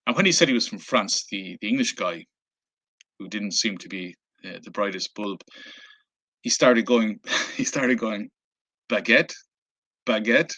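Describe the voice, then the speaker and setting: A man's voice: lowish voice, moderate pace, a bit bright. A man with an Irish accent, casually recounting a travel story, with lots of fillers and restarts. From Ireland. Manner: rambling, many fillers and restarts. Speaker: travel vlogger. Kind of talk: casual anecdote telling.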